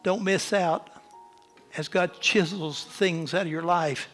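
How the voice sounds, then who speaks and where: Impassioned preacher, high voice. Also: male voice, steady tone, slow, fairly bright tone, soft background music. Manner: impassioned preaching, rising and falling in pitch and volume. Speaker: pastor. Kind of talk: sermon. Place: church.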